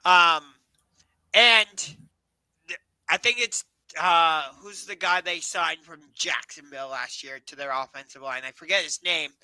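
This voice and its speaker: High-voiced guy, super bright sharp tone, dry close sound, lots of ums on a sports podcast. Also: unhurried, clean tone, no room sound, rough recording. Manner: hesitant, many ums, questioning. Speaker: podcast co-host. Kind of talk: casual sports podcast chat.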